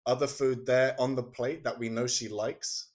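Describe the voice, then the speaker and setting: A man chatting as a podcast guest. He often restarts his sentences and acts out the quoted lines in his stories. His voice sits at an ordinary, middle pitch. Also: little pitch movement, moderate pace. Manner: storytelling, acting out quoted speech. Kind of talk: casual conversation.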